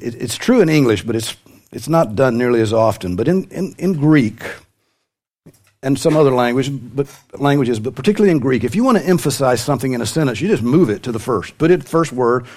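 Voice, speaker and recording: A man's voice: medium pitch, darkish tone. A man preaching a sermon to a congregation, with light humor and sudden rises in his voice for emphasis. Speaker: pastor.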